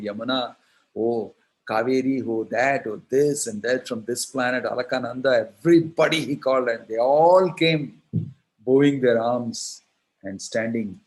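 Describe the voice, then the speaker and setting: A man with an Indian accent, a monk telling a devotional story in a sermon, animated and acting out the characters. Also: medium pitch. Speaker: monk and preacher.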